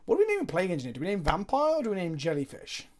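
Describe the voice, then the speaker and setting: A man's voice: high-pitched, wildly swooping pitch, racing, darkish tone, slight background noise. A man streaming a card game live, chatting casually, swearing freely and answering viewers' chat as he plays.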